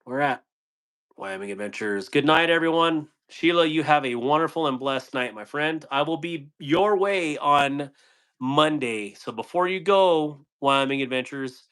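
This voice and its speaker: A man's voice: fairly high pitch, expressive, measured pace, fairly bright tone, clear, resonant tone. Playful man chatting on a live stream. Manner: playful, laughs often, trips over words. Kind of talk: casual live-stream chat reading comments.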